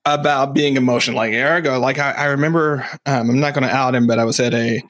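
A man's voice: mid-range voice, steady tone, fast, fairly bright tone. A man as a podcast guest, explaining ideas thoughtfully with light laughs in casual chat.

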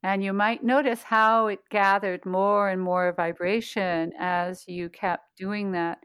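Slow-spoken, smooth-voiced woman voice coach. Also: mid-range voice, fairly even intonation, a bit bright, no echo. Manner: slow, patient, demonstrating hums and chants. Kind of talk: guided voice exercises.

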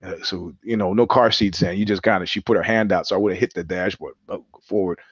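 A man's voice: low voice, steady tone, fairly quick, slightly rough, no room sound. A man hosting his own live-stream show, talking in a wry, rambling way and laughing often. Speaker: host. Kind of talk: solo live-stream monologue. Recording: slightly dull live-stream audio.

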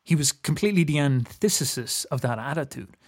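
A man's voice: fairly high pitch, animated, brisk, breathy edge. A young man from Ireland with an Irish accent, talking casually and earnestly in a reflective, philosophical way, often restarting his sentences.

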